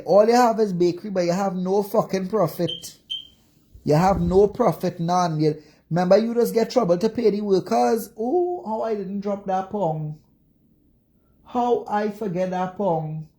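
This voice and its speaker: Her fairly low, warm, slightly rough voice carries an angry livestream rant full of nonstop insults and profanity. She's a Jamaican-accented woman who works as a social media commentator, and she curses repeatedly.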